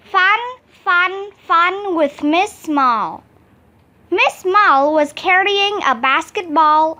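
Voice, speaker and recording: Casting: woman storybook reader, high lively voice, slow and clear. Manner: expressive, animated reading. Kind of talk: children's storybook read-aloud.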